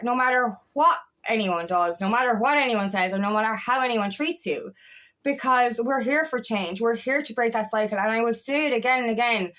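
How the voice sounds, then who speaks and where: A woman's voice: on the high side, fairly bright tone. A young woman coach giving a fiery motivational talk, swearing often and repeating herself for emphasis. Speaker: empowerment coach. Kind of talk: impassioned motivational monologue.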